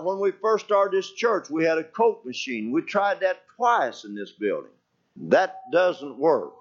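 An older man preaching a sermon as pastor, telling folksy stories with shouted quotes and cries of hallelujah. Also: on the high side. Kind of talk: anecdotal sermon. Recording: dull lo-fi church recording.

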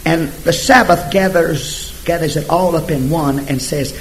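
A man preaching a sermon emphatically, swinging from hushed asides to shouted scripture. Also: on the high side, a little slow, slight background noise, low-quality recording.

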